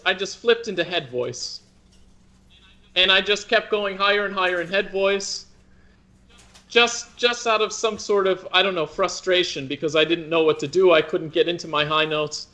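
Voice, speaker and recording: A man in his thirties, an opera singer being interviewed, speaks in a bright, forward voice. He pitches a little above most men and talks thoughtfully, circling back with restarts and "you know" as he gathers his thoughts. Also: moderate pace. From United States. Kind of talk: conversational interview.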